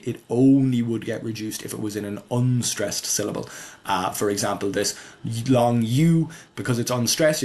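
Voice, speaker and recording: A man presenting his constructed language in a relaxed voice-over, thinking aloud as he goes. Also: on the low side. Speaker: conlang presenter. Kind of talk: casual explanatory voice-over.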